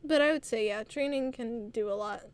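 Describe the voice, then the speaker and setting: A woman's voice: on the high side, moderate pace, clear, resonant tone. A woman from the American South chatting casually on a live stream, giggly and rambling, with frequent laughs. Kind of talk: casual chat.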